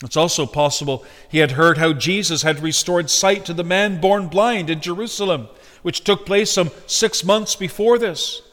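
A male preacher delivering a sermon earnestly, swinging between loud emphasis and soft direct address. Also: sits high, normal speed. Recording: echoey hall with long reverb.

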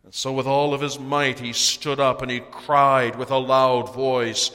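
A man's voice: medium pitch, flat delivery, measured pace, few pauses. Earnest preacher man in a reverberant hall. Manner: earnest, rising to loud cries on key phrases. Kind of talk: sermon.

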